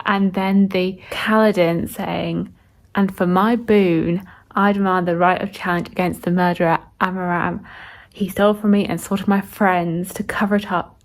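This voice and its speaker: Woman book vlogger, gravelly, excitable, filler-heavy casual chat. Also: medium pitch. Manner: excitable, gushing, many fillers. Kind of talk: casual reading vlog chat.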